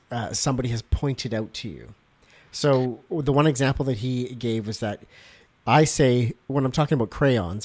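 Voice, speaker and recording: A man's voice: medium pitch, a little mellow. Canadian man, podcast host, mid-range voice, friendly, encouraging. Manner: friendly, encouraging, frequent short affirmations. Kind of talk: casual interview.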